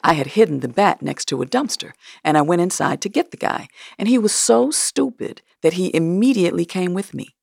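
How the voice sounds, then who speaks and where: A woman's voice: fairly low pitch, expressive, a little fast, creaky, hardly any pauses, darkish tone, breathy edge, dry recording, studio quality. A woman recounting a personal story in a blunt, matter-of-fact way.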